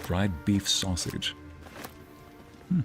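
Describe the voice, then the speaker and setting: A man's voice: low voice, very animated, extremely slow, over music. A man streaming a video game, chatting casually with viewers and answering their messages, sometimes slipping into Spanish phrases. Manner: chatty, reads and answers chat aloud, drops into Spanish phrases.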